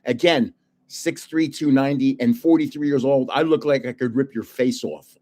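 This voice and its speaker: An older man hosting a trading card live stream, telling stories in an animated way, laughing often and chatting with viewers. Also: medium pitch, moderate pace. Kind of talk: casual live-stream chat and storytelling.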